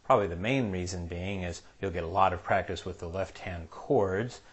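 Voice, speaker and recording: A man's voice: deep voice, normal speed, husky. A man teaching a piano lesson, patiently explaining a jazz solo step by step and counting beats aloud. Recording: piano playing behind the voice. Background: piano playing.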